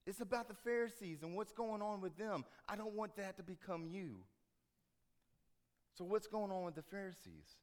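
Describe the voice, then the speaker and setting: Smooth-voiced man preaching conversationally. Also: sits high, normal speed. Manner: conversational, animated storytelling, acts out quoted dialogue. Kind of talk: sermon.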